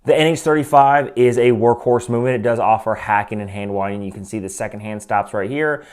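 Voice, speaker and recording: A male host of a watch review channel talks into a desk microphone with a lowish, clean-toned voice at a brisk pace. He is casual, conversational, and opinionated, full of side remarks.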